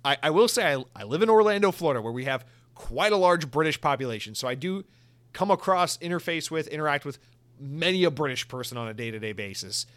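An American man hosting a solo podcast, chatting casually in an animated, profane, rambling way with lots of restarts. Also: a little high, quick pace. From United States. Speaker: podcast host. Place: home in Orlando, Florida.

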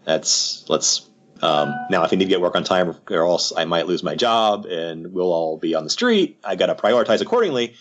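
A man's voice: deep voice, sing-song, normal speed. A man who works as a psychiatrist, talking through ideas as a podcast guest in a rambling, conversational way full of "you know" asides. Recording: slightly muffled lo-fi audio.

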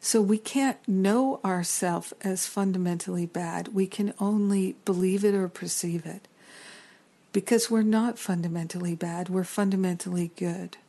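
Middle-aged female spiritual teacher; warm, dark tone, earnest and reflective, stacks up long lists. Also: mid-range voice, a little slow.

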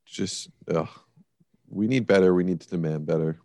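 A man's voice: sits low, normal speed, vocal fry, dark tone, no echo. A man co-hosting a casual sports podcast, talking bluntly and emphatically, with swearing and dry sarcasm. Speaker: podcast co-host.

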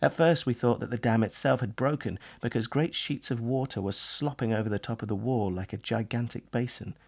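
A man giving a measured, vivid first-person reading of a memoir as narrator. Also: mid-range voice, gravelly, darkish tone, breathy edge.

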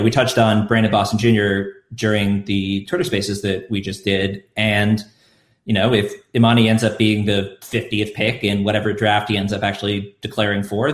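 A man with a somewhat low voice making his case on a sports podcast. He speaks in a measured way, building his argument one step at a time. His voice carries a roomy echo around it. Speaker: podcast panelist. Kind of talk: casual sports podcast chat.

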